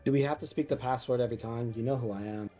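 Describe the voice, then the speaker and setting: A man's voice: mid-range voice, very fast, warm tone, soft background music. A man playing a tabletop game, talking casually and matter-of-factly. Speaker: player.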